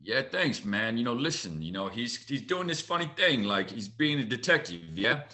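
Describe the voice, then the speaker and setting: A man chatting casually as a podcast guest, animated and swearing freely. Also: mid-range voice, moderate pace. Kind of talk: casual chat.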